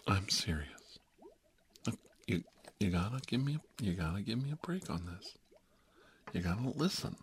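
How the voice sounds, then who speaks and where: A man telling a rambling comic story in an animated, wry way, with hushed, whispery asides and many repeated words. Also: fairly low pitch, moderate pace, pauses often, a little hiss or hum. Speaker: comedic monologist.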